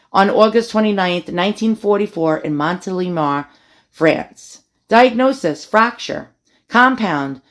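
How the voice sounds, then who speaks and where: Chatty woman reading family war records. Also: mid-range voice. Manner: chatty, asides and jokes while reading records. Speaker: family history video host. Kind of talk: casual documentary narration.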